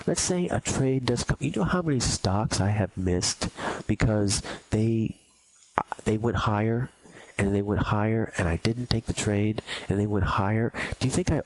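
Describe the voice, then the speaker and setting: In a recorded trading lesson, a man with a fairly low, darkish voice drives his points home bluntly and emphatically through repetition. He mimics nervous beginners, putting their words in mock quotes. There's a little hiss or hum on the recording.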